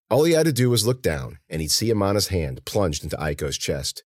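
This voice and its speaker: Deep-voiced man narrating a tense audiobook. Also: very animated, a little fast, hardly any pauses, no echo, clean studio sound.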